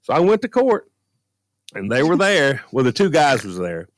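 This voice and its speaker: A man tells a story on a radio podcast, his pitch swinging widely as he acts out each person. The sound is dry and close, with no room around it. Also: moderate pace, no room sound. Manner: animated storyteller, acts out quoted voices. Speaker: guest storyteller, former beer truck driver. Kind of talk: casual anecdote on a radio podcast.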